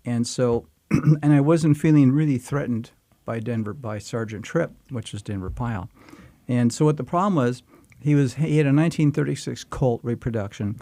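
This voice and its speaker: A man's voice: medium pitch, normal speed, mellow, dry recording. An older man, a guest actor, telling a rambling, folksy story in casual conversation.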